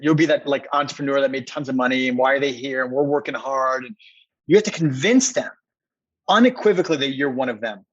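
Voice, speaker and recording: A man's voice: mid-range voice, a bit bright, dry recording, dull audio. A man, a company co-founder, telling a personal story as a podcast guest, earnest and repeating words for emphasis.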